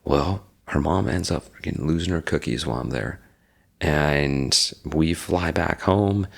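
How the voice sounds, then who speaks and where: A man in his forties with a very deep, gravelly voice, talking as a guest in a casual interview. He tells his story with energy and acts out what other people said. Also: unhurried. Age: 40s. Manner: animated storyteller acting out quoted dialogue. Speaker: podcast guest. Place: lives in Reno.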